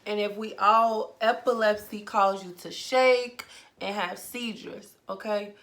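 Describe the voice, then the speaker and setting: Emphatic chatty woman vlogger, unhurried. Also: medium pitch, fairly even intonation, fairly bright tone. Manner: chatty, emphatic, keeps asking "okay?". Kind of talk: casual unboxing chat to viewers.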